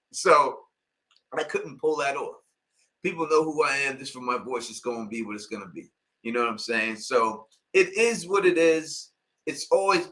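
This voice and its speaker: Hosting a relaxed live-stream Q&A on his YouTube channel, a Queens native with a New York accent talks in a sharp, mid-range voice. He's insistent and emphatic, often saying "you know what I mean," and the recording quality is low.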